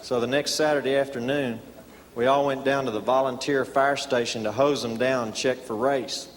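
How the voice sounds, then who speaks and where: A man telling a folksy tall tale as stand-up comedy, deadpan, with many drawn-out "uh"s. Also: medium pitch. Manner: deadpan folksy storyteller with filler "uh"s. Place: live comedy stage before an audience. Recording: reverberant live hall, audience laughter.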